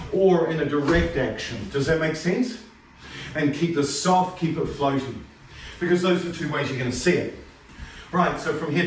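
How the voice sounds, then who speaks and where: Karate teacher guy, kinda high voice, counting reps, far off phone mic in a really echoey room. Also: slight background noise. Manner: explains then counts reps aloud in sharp calls. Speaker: karate instructor. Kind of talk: informal martial arts lesson. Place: home training room. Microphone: phone camera across the room.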